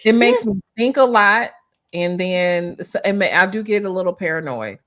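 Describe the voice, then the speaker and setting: A woman's voice: medium pitch, normal speed. Middle-aged woman, interview guest, chatty storyteller, many restarts. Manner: animated, restarts often, acts out quoted voices. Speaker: interview guest, former hairstylist.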